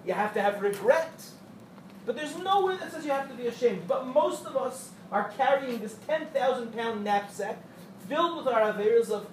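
A high-pitched man leads a storytelling Torah class, voicing the people in his parables and joking with his listeners. He sounds distant, in an echoey room with a faint hum behind him. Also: moderate pace. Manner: animated storyteller who acts out quotes and jokes with the audience. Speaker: Torah teacher addressing young women.

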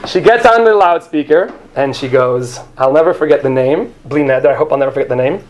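A man's voice: medium pitch, fairly quick. A man telling a comic story on stage into a handheld microphone, rambling and self-deprecating, often jumping into put-on voices.

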